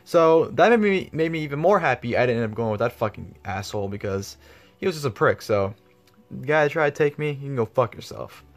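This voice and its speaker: A man's voice: mid-range voice, expressive, fairly quick, faint music behind. A man telling a story in a casual vlog, rambling with lots of fillers and swearing freely. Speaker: vlogger.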